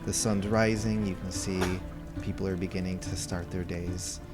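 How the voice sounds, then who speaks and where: A man running a tabletop game as game master, narrating in a relaxed way with many fillers, music behind. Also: low voice, moderate pace.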